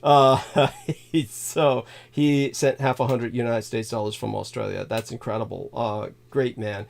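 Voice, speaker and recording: Slow, halting man hosting a livestream. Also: medium pitch, fairly even intonation, gravelly. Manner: halting, filler-heavy, reads donor thanks aloud; given to sudden laughs and swearing. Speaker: livestream host. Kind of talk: rambling livestream monologue.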